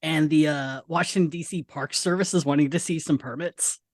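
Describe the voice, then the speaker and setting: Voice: mid-range voice, fairly even intonation, fairly quick, no echo, clean studio sound. A podcast co-host in casual chat, wry and explanatory, often chuckling.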